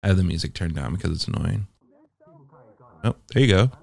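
A man's voice: deep voice, expressive, a little fast, creaky, darkish tone. A man giving casual, wry and profane commentary as he explores social game worlds.

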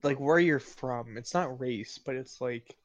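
A man's voice: mid-range voice, measured pace, no echo. Rambling young man on a dull dry mic. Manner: rambling, searching for words, laughs often. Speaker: podcast co-host. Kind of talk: casual podcast chat.

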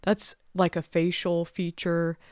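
Low-voiced woman, casual true crime host. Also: level tone, slow, a little mellow, no room sound, clean studio sound. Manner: casual, chatty, with frequent 'like'. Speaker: podcast co-host. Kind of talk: true crime podcast chat and scripted narration.

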